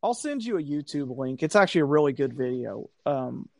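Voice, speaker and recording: A man tells a story in casual chat, his voice sitting a little high for a man. He is animated and profane, and he acts out the people he quotes. The sound is dry and close. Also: fairly quick, vocal fry, no echo. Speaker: podcast co-host telling a story.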